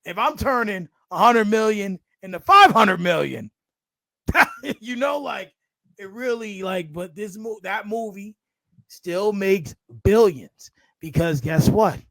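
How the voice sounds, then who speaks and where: A man's voice: high voice, animated, slow pace, creaky, a bit bright, dry recording, poor audio. A young man co-hosting a sports podcast, talking casually and rambling, often repeating his words as he goes. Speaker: podcast co-host.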